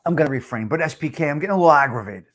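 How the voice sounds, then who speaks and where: A man's voice: fairly high pitch, expressive, rapid-fire, a bit bright. A man hosting a live stream, answering viewer comments in a blunt, profane, repetitive rant. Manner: blunt and fired up. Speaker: live-stream show host.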